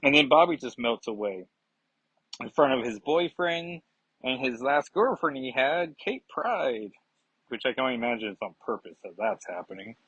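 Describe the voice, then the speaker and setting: A man's voice: medium pitch, sing-song, normal speed, fairly bright tone, slightly rough, no room sound, highs cut off. A man reviewing comics in casual chat, rambling and digressive with many fillers.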